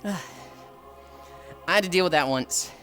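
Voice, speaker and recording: A man's voice: sits high, moderate pace. A man in his late twenties, a streamer swearing freely as he tells stories to his chat. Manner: profane, animated, acts out voices in quotes. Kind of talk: casual storytelling to chat. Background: faint music.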